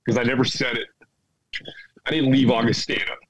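A man's voice: medium pitch, flat delivery, fairly quick, a bit bright, dull audio. A man insisting on having his say as he admits past mistakes to old friends. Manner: urgent, insistent. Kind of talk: emotional confession.

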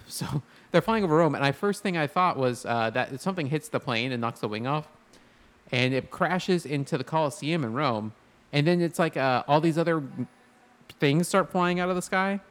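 A man's voice: a little high, normal speed, a bit bright. A man co-hosting a podcast, chatting casually while reviewing a movie, rambling and laughing often. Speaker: podcast co-host.

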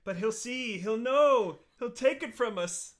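A timid creature pleads and frets, as a man reads it out plainly. His pace stays slow while his pitch moves around a lot. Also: animated, a bit bright, heavily acted. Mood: pleading. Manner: plain and unacted. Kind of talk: reading a part in a plain voice.

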